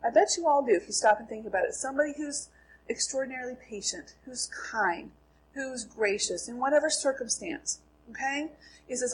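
A Bible lesson is taught to a group by a middle-aged woman from Minnesota, USA, who asks questions and then answers them herself. She's high-pitched and a little fast with lively intonation; the rough recording carries a little hiss or hum.

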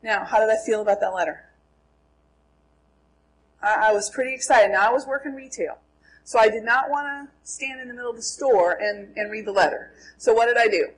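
In a low-quality recording, a middle-aged Minnesotan woman leads a Bible class, posing questions to the group and then supplying the answers. Her voice is husky, a little high, and a little fast.

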